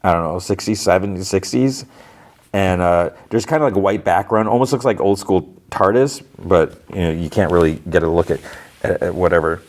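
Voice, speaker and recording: Podcast host, man, middle-aged, very low voice, casual rambling recap. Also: normal speed. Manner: rambling, animated retelling with many fillers and restarts.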